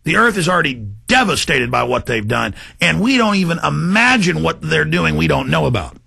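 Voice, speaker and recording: A man's voice: fairly high pitch, sing-song, moderate pace, gravelly, slightly rough. A man hosting a talk show, ranting in an impassioned monologue to his listeners. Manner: ranting, shouts in bursts, addresses folks directly.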